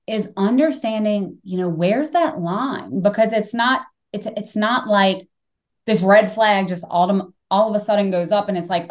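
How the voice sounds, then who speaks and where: A middle-aged woman hosting a podcast, telling stories in casual conversation, animated and swearing freely. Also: mid-range voice, unhurried. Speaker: podcast host.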